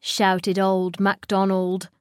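A woman with a British accent narrating a children's storybook in a clear, expressive read-aloud manner. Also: mid-range voice, slow, no echo, clean studio sound.

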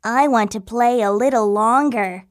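A curious, headstrong older boy frog in a children's storybook, voiced by a woman. He speaks slowly in a high, playful voice and keeps insisting on one more adventure. The sound is close and dry. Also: no room sound, natural voice. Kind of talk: storybook acting.

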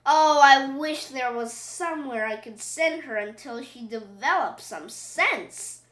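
A woman's voice: high-pitched, lively intonation, unhurried, a bit bright. A woman voicing an exasperated but loving mother pig in a storybook reading. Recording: roomy echo.

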